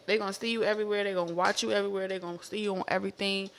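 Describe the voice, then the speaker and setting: A woman giving a casual tarot reading to camera, animated and profane, repeating herself with laughing asides. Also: mid-range voice, rapid-fire, a little hiss or hum. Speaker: tarot reader.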